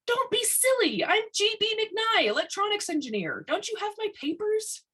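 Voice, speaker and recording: A woman putting on a high, indignant young engineer. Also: big pitch swings, moderate pace, fairly bright tone, full character voice. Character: proud young female electronics engineer.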